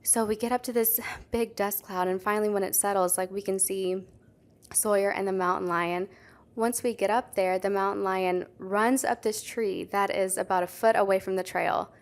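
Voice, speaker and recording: A woman's voice: mid-range voice, fairly even intonation, normal speed. A young adult woman, a podcast co-host, telling a story in casual chat, full of "like" fillers. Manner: chatty, lots of "like" fillers.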